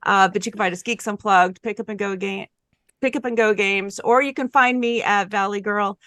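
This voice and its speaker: A woman's voice: medium pitch, fairly even intonation, moderate pace, a bit bright, dry recording. Rambling, laughing woman introducing herself. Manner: rambling, self-deprecating, laughing often. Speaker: podcast guest player. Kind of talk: casual self-introduction.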